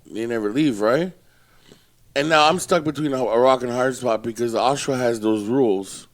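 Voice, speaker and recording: Blunt, profane former bouncer telling stories. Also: male voice, medium pitch, normal speed. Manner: blunt, profane, tells tough-guy stories. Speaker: podcast co-host, former bouncer. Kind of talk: casual storytelling chat.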